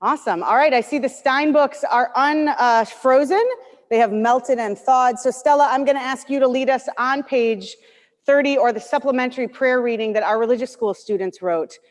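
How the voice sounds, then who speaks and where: A woman's voice: sits high, normal speed, in a large hall. A woman leading a worship service, chatting in friendly asides between prayers and readings.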